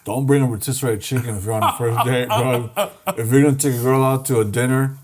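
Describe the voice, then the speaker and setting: A man's voice: medium pitch, steady tone, fast. A young man co-hosting a comedy podcast, trading laid-back crude banter. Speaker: podcast co-host. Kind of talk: casual comedic chat.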